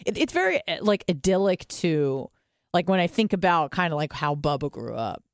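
A woman's voice: on the low side, big pitch swings, normal speed, no room sound, clean studio sound. A young woman co-hosting a podcast, chatting casually, rambling and swearing with lots of fillers. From United States. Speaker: podcast co-host. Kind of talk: casual chat.

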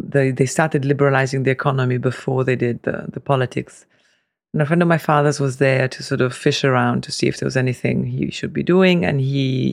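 A man's voice: medium pitch, creaky, no echo, clean studio sound. A middle-aged man telling long family anecdotes with fillers and easy laughs in a casual interview. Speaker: guest, family business heir.

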